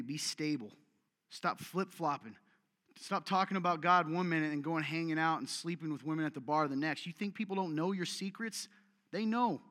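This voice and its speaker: Male preacher, exhortative and direct, fairly high pitch, long hall reverb. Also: a bit bright. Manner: exhortative, direct, repeats commands for emphasis. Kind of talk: sermon. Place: church meeting room with audience.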